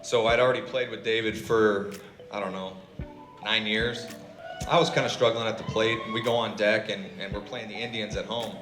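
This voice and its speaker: An animated man spins a funny story, acting out the back-and-forth with the other people in it. His voice sounds roomy, and music plays behind it. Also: lowish voice, normal speed. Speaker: former teammate. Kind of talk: storytelling interview.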